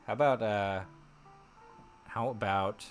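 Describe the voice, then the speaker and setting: A man's voice: on the low side, slow pace, faint music behind. A man hosting a casual live stream, chatting in a rambling way, thinking aloud with many fillers and frequent laughs. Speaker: streamer host.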